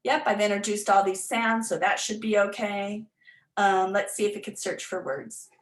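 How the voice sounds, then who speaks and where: A literacy teacher runs an informal online workshop on reading skills, chatting away with plenty of fillers and restarts as she sounds words out. Her mid-range voice holds a steady tone at a moderate pace, and the rough recording has a roomy sound.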